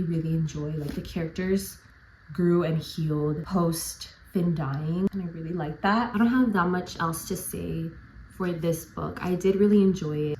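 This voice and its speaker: A woman's voice: lowish voice, darkish tone, a little hiss or hum, low-quality recording. A young woman chatting casually in a home book vlog, gushing about books and dropping to a near-whisper at sad parts. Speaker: book vlogger. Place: at home, bedroom.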